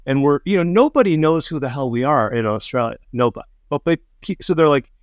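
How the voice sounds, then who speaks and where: A middle-aged man co-hosting a podcast, telling animated, profane anecdotes in casual chat and acting out the quotes. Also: fairly high pitch, fairly quick, no room sound, clean studio sound. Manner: animated anecdotes, swears freely, acts out quotes. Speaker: podcast co-host.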